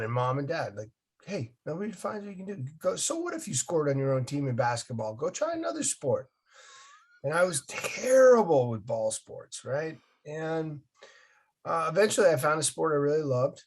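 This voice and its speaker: Upbeat storytelling man in his fifties. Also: mid-range voice. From Massachusetts, USA. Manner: animated storyteller, folksy and upbeat. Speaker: guest. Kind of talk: casual interview storytelling.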